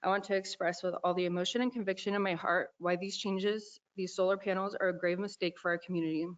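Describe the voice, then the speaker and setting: A woman's voice: mid-range voice, steady tone, quick pace. A young woman earnestly reading a heartfelt prepared public comment at a county meeting. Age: young adult. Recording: dull lo-fi meeting audio.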